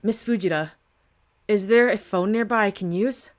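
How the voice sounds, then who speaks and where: A man's voice: high voice, normal speed, faint music behind, close to an everyday voice. A woman voicing a reserved young male vampire who talks hesitantly. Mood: puzzled.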